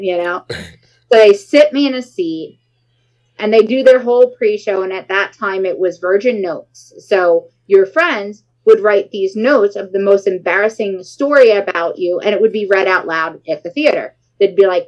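This woman in her forties tells her story at an easy conversational pace, in a middle-pitched voice. She throws herself into the retelling, acting out what people said with plenty of drama. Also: normal speed, highs cut off. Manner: animated, dramatic retelling with acted quotes. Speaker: guest. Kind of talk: casual storytelling interview.

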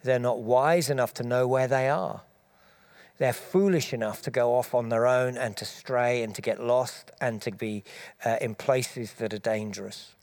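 A man preaching, giving a measured, explanatory Bible teaching talk with small restarts as he thinks aloud. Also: medium pitch, steady tone, a little mellow.

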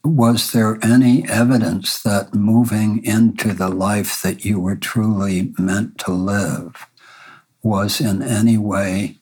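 An interviewer asking curious, gentle questions. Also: sits low, steady tone, takes it slowly, husky.

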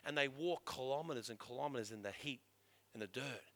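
A middle-aged man preaching a sermon to his church, impassioned, swinging between loud urging and hushed emphasis. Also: medium pitch, fairly quick, vocal fry. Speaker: pastor.

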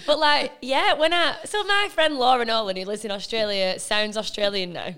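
A woman's voice: fairly high pitch, moderate pace, a bit bright, clean tone. A woman from England co-hosting a podcast, chatting casually and laughing often. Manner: chatty, giggly, slips into mock accents. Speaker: podcast co-host. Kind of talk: casual chat.

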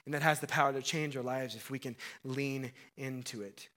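A man preaching a sermon, animated and acting out the voices of Bible figures, dropping to a low hush for emphasis. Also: moderate pace. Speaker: pastor.

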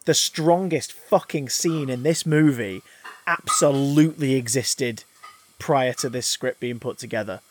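A man co-hosting a podcast, chatting casually about a film, animated and swearing freely as he acts out scenes. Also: medium pitch, a little slow, background noise. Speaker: podcast co-host. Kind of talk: casual film review chat.

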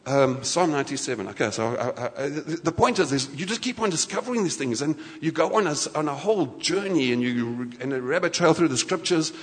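A man preaching a sermon in a lively, conversational way, often restarting his sentences. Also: on the high side, a little fast, few pauses. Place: church hall. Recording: church hall reverb.

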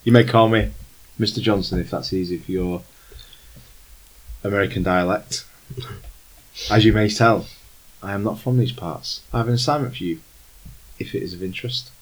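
A man's voice: fairly low pitch, normal speed, long pauses, close to an everyday voice, low-quality recording. A man voicing a tall, thin, very old male fixer in a tabletop game, speaking formally and courteously with a put-on German-ish accent. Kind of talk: tabletop role-play voicing.

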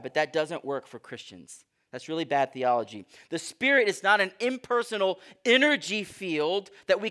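A man's voice: high voice, fairly bright tone. A man preaching a sermon as pastor, teaching in an engaging way, asking the congregation questions and reading scripture aloud with emphasis.

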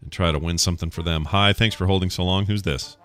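Jokey podcast host man, bright voice. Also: deep voice, steady tone, fast talker, soft background music. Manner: jokey, playful hosting. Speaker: game show host. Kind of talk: casual podcast chat.

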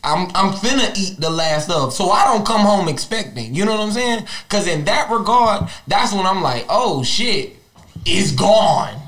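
A man's voice: high voice, lively intonation, moderate pace, hardly any pauses, a bit bright. A man co-hosting a podcast in casual chat, rambling and repeating himself as he makes a point. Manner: rambling, repeats phrases while making a point. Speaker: podcast co-host.

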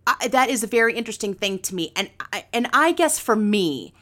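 A woman's voice: fairly high pitch, big pitch swings, fairly quick, a bit bright. A woman life coach appearing as a radio guest, earnest and encouraging as she challenges listeners. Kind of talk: radio talk show chat.

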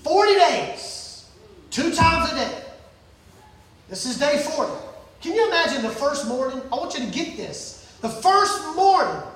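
A male preacher delivers an animated sermon and acts out each scene as he tells it. His voice sits very high and bright. It echoes heavily and sounds far from the mic. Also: unhurried.

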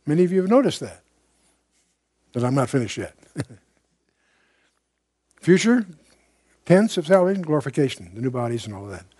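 High-voiced older man teaching Bible. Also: sing-song, moderate pace, long pauses, warm tone, husky, dry recording. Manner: conversational, digressive, emphatic asides. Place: room with a live audience.

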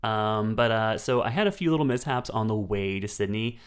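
A man co-hosting a podcast in casual chat, telling stories in an animated, playful way with mocking asides. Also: fairly low pitch, fairly quick, clear, resonant tone. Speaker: podcast co-host.

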